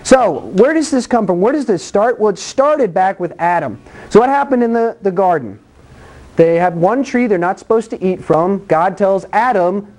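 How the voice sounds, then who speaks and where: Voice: medium pitch, moderate pace. Preacher doing a sermon, blunt and chatty, acts out the bible stories with voices and sound effects. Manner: animated storytelling with acted-out voices and sound effects; conversational and blunt.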